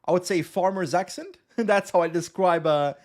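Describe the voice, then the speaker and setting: Here the young Belgian streamer speaks at a moderate pace with a high voice. He grew up in West Flanders speaking West Flemish Dutch, and his Flemish accent carries his relaxed live commentary on a cycling game as he reads and answers his chat.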